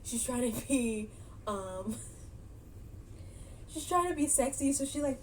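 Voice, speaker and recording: A woman's voice: high-pitched, expressive, takes it slowly, pauses often, very noisy. A woman casually recapping a movie she watched, chatty and laughing often, with many fillers. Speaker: movie reaction vlogger.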